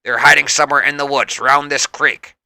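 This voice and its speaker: A man voicing a gruff, menacing veteran mutant fighter in a comic read-aloud, speaking in curt lines. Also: medium pitch, steady tone, fairly quick, bright, forceful tone, no room sound.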